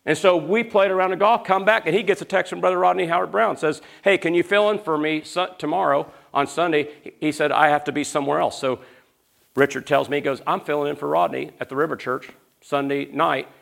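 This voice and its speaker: A man preaching a sermon, swinging between loud, rising questions to the crowd and low, hushed storytelling. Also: fairly even intonation, a little fast, gravelly.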